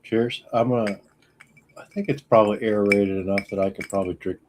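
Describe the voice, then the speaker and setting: A man with a fairly low voice chatting on a casual podcast. He is blunt and relaxed, trips over his words and restarts sentences as he goes. He sounds easygoing throughout. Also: brisk, noisy background. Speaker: podcast co-host.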